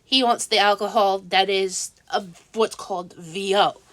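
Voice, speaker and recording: A woman casually telling a story in a vlog, halting and restarting often, growing exasperated as she goes. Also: mid-range voice, steady tone. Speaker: vlogger.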